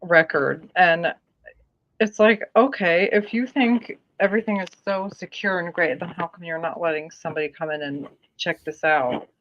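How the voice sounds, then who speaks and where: A woman from Arizona, a guest in a casual political chat, talking in an animated, exasperated way. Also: on the low side, normal speed. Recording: dull lo-fi sound.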